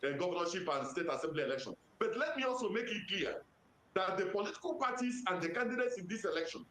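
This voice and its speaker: A man with a Nigerian accent, an electoral commission official giving formal, measured answers to press questions and citing legal sections methodically. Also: high-pitched, animated, a bit bright. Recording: roomy echo.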